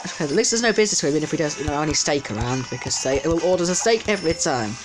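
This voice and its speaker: A man's voice: on the high side, lively intonation, rapid-fire, over music. A man giving casual let's-play commentary, chatty and easily distracted, talking back at the game's customers. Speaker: gameplay commentator.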